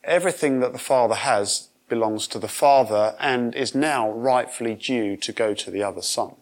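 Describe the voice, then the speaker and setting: A man's voice: medium pitch, normal speed. Man preaching conversationally. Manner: conversational, acts out quoted voices. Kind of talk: sermon.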